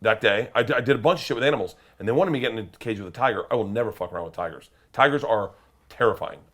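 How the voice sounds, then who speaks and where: Man telling a loud, animated story. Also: on the low side, very fast. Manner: loud, excitable, swearing, breaks into shouted quotes. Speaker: interview guest.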